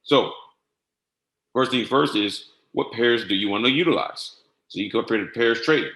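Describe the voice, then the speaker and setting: A man giving a casual screen-share tutorial on trading software, often saying "all right" and spelling codes out slowly. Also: mid-range voice. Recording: echoey room.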